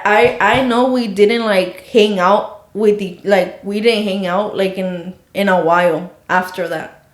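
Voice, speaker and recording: Young female podcast co-host, loose filler-heavy storyteller, middle pitch, echoey room sound. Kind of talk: casual storytelling chat. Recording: roomy echo.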